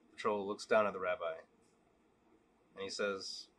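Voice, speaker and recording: A man vlogging, telling a long joke and then talking candidly in a relaxed, casual way. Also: sits low, measured pace, pauses often. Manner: relaxed, candid, repetitive storytelling. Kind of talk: joke storytelling and casual reflection.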